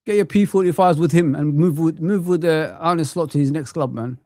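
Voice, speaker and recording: A man's voice: fairly high pitch, a little fast, mellow, no echo, clean studio sound. Impassioned ranting football streamer, man. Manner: impassioned ranting, sweary, frequent "man" tags. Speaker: football watch-along streamer. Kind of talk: live-stream football rant.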